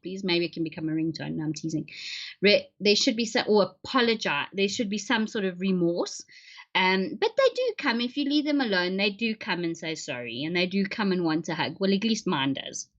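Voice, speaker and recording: This woman's medium-pitched voice is a bit bright as she hosts a laid-back livestream, joking and laughing a lot with viewers. The stream audio is dull and lo-fi.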